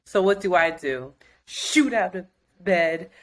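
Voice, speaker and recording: A woman co-hosting a podcast, telling a story in casual chat, animated and profane, acting out other people's quotes. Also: fairly low pitch, slow. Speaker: podcast co-host.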